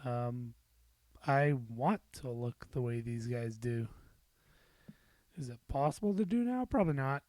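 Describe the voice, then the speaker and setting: Slow, rambling middle-aged man. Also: mid-range voice, a little mellow, dry recording. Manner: rambling and self-deprecating, with frequent fillers and swearing. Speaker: podcast host. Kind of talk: casual solo podcast monologue.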